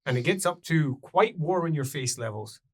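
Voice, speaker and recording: A man narrating a tabletop role-playing game as game master, in a relaxed storytelling manner. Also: a little high, normal speed. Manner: storytelling, relaxed, clears throat often.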